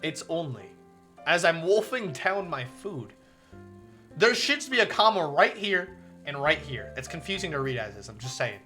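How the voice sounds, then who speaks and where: A male streamer with a high, bright voice, reading a visual novel aloud and breaking off into playful, swearing asides. His pitch leaps around animatedly, and soft game music plays in the background. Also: moderate pace. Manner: playful, profane asides, excitable and jokey.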